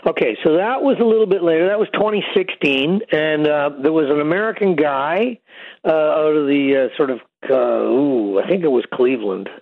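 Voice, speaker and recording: A man's voice: on the high side, moderate pace, no echo. An older man, a guest musician, telling long rambling stories with many fillers in a casual phone interview. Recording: tinny phone line.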